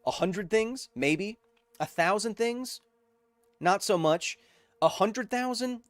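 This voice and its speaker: A man's voice: high voice, lively intonation, takes it slowly, no echo. Playful man hosting a science stream. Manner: playful, jokey, rambling asides. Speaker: host. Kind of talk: live-streamed science chat.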